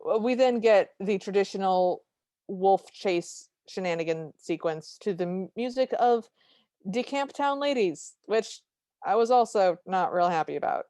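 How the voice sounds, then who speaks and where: A woman hosting a podcast, talking in an animated, chatty way and often catching and correcting herself. Her voice sits at a middle pitch and sounds dry and close. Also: a little slow, dry recording. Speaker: podcast host. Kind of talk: casual podcast chat.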